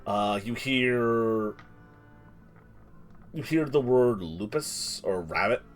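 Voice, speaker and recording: Soft music plays in the background as this game master, a man with a mid-range voice, takes his time. He leads a tabletop session, calling for player rolls and describing each scene with dramatic flair, though he frequently starts his sentences over.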